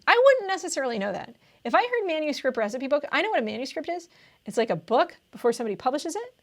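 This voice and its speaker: Woman test-prep tutor, slightly high voice, animated explainer. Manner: animated, thinks aloud, often checks with "right?". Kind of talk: explaining test questions on video.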